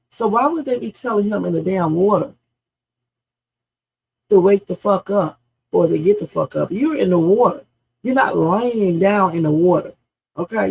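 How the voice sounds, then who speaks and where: A woman hosts a live reaction stream with a gravelly edge to her voice. She fires question after question at her chat, heated and blunt, and curses without holding back. The tone stays husky throughout. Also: on the low side, a little mellow. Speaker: livestream host.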